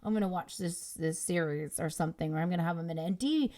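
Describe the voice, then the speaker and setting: A woman's voice: on the low side, fast, warm tone. A young adult woman giving opinionated, emphatic commentary while she explains a video clip. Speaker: relationship commentator.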